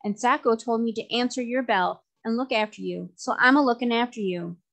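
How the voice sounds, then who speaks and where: A woman's voice: on the high side, a little fast, gravelly, fairly bright tone. A woman voicing a mild, good-humored old male sailor in a storybook reading, speaking in an easygoing sailor's drawl.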